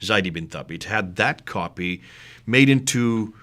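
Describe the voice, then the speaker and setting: A man's voice: fairly low pitch, animated, a little slow, a bit bright. A man from the United States co-hosting a discussion, explaining points emphatically and asking leading questions. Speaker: co-host. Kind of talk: conversational discussion on manuscripts.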